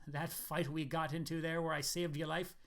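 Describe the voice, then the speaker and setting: A man's voice: a little high, flat delivery, normal speed, a bit bright. A man voicing a restless, persuasive middle-aged ex-rock musician in a story reading. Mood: urgent. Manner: urgent, persuasive.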